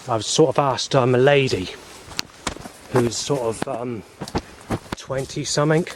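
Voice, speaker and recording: A man's voice: medium pitch, slight background noise. Rambling man vlogging. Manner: repetitive, hesitant, circling back on itself. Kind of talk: rambling personal monologue.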